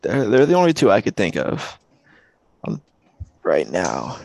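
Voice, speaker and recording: A man's voice: fairly low pitch, huge pitch swings, measured pace, creaky, a little mellow, no room sound. A man co-hosting a podcast in easygoing casual chat, saying "dude" and "man". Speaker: podcast co-host.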